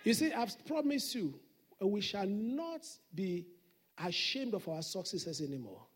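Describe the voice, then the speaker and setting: A man's voice: sits high, big pitch swings, a little slow. A man preaching a Sunday sermon as senior pastor, emphatic and repeating his declarations.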